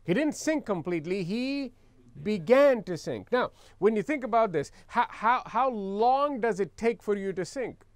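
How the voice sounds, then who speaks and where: A man's voice: high-pitched, animated, measured pace. A man preaching a sermon as pastor, reading scripture aloud and explaining it with emphatic repetition, leading the congregation in call-and-response.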